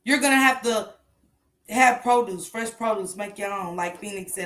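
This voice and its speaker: A woman's voice: mid-range voice, normal speed, fairly bright tone, echoey room. A woman hosting a casual morning commentary show, talking bluntly and emphatically with plenty of swearing.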